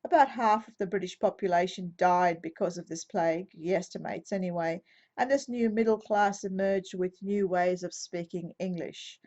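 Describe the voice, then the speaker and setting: A woman Bible teacher giving an explanatory teaching talk, methodical and measured, now and then correcting herself mid-sentence, on a slightly dull lo-fi recording. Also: on the low side, darkish tone.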